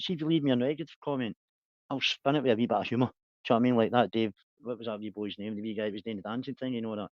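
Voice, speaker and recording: A man's voice: lowish voice, fairly even intonation, rapid-fire, no room sound. A man, hosting a casual livestream chat, rambling, laughing and swearing a lot. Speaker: livestream host.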